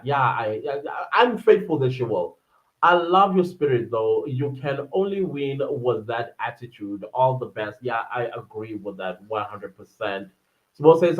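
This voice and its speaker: A man hosting a casual livestream, reading out viewer comments and often breaking into laughter. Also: expressive. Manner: chatty and warm-hearted, often laughing, quick shifts up in pitch. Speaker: livestream host. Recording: muffled lo-fi livestream audio.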